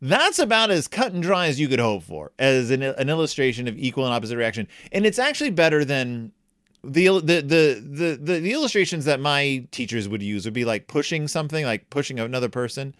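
A man hosting a comedic book review, talking in an animated, jokey way with wry asides. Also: mid-range voice, brisk, no echo, studio quality.

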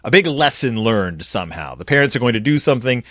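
A man giving a comic, sarcastic review of a children's picture book, acting out quoted lines in flat voices. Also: mid-range voice, quick pace, no room sound, studio quality.

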